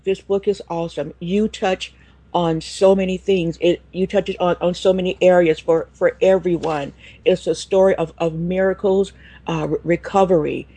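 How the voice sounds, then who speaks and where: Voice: medium pitch, creaky, husky. The host of a faith interview, speaking emphatically and praising the guest's story. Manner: emphatic, warm exclamations of praise.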